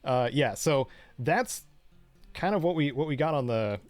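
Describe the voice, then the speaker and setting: A man co-hosts a casual gaming podcast, rambling along in a relaxed way and often trailing off mid-thought. His mid-pitched voice sits on a dry, close recording with no room sound. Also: measured pace, dry recording, faint music behind. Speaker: podcast co-host.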